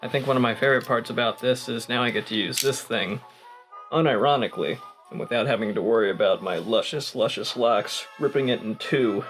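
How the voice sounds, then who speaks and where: A man's voice: mid-range voice, brisk, fairly bright tone, soft background music, poor audio. A young man vlogging in a tipsy, rambling way, joking and swearing freely while he chats to his viewers. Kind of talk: casual rambling vlog.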